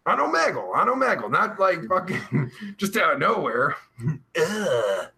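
A man hosts a casual live stream, reeling off viewer names and crude, swear-filled asides. His voice sits high and bright with a husky grain. He talks slowly and his pitch leaps around as he goes. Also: sing-song. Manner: rambling and heavily profane; jokey and crude. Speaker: podcast host.

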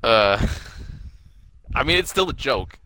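Bright-voiced man retelling a movie. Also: medium pitch, slow, a little hiss or hum, low-quality recording. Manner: rambling, excited scene-by-scene retelling. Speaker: podcast co-host. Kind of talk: casual movie review chat.

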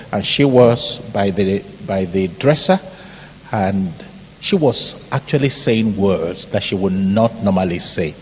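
A middle-aged Nigerian man from Ibadan with a Nigerian accent, a pastor preaching an animated sermon full of stories, mimicked shouts and laughter. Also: on the low side. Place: large church hall. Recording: hall reverb, faint background noise.

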